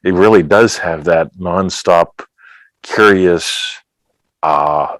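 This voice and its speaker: A man with a very deep voice hosting a relaxed conversation. He rambles playfully from one thought to the next, recorded dry and close. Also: slow, no echo, rough recording. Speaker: host. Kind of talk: casual conversation.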